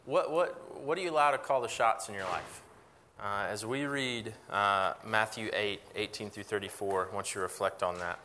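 A man's voice: on the low side, moderate pace, sharp tone, slight background noise. A man giving a sermon in an earnest, conversational way, with frequent fillers and restarts. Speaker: pastor. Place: church sanctuary. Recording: long hall reverb.

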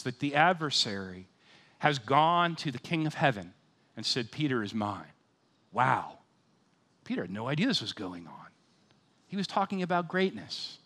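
Bright-voiced preacher in his fifties. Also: medium pitch. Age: 50s. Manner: animated, swings between loud excited bursts and quiet sober readings. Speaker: pastor. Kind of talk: sermon.

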